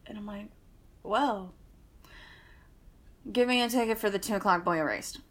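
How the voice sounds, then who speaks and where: A woman's voice: mid-range voice, moderate pace. A woman, co-hosting a podcast and telling a long, wry, exasperated story in casual chat. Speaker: podcast co-host.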